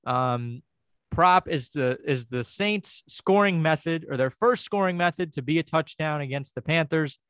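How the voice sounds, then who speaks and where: A man co-hosts a podcast in loose, crude banter, swearing freely through jokey rants. His voice sits a bit high for a man, and the sound is dry and close, with no room in it. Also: unhurried, a bit bright, smooth, no room sound. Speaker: podcast co-host.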